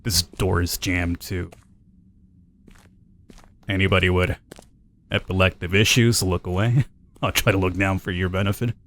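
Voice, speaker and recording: A man doing let's play commentary, casual and chatty. He thinks aloud as he plays and reads in-game notes out loud. His voice sits somewhat low. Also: level tone, measured pace, long pauses, a little hiss or hum. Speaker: gameplay commentator.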